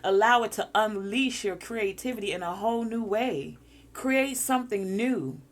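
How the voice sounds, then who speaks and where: A woman's voice: mid-range voice, moderate pace. Woman coaching with spiritual encouragement. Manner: encouraging, coaching breathing exercises. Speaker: spiritual guide.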